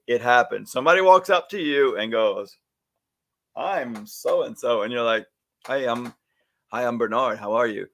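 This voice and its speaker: A man co-hosting a casual chat about salon work, acting out little scenes as he talks. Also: medium pitch. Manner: animated, acts out little scenes with voices. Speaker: podcast co-host, stylist educator. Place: home or studio, live stream.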